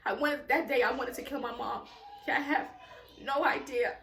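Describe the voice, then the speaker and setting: A woman's voice: high voice, steady tone, normal speed, gravelly, roomy sound, noisy background. A woman telling a personal story time at home, in a raw, emotional, profane way with many repetitions. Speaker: vlogger.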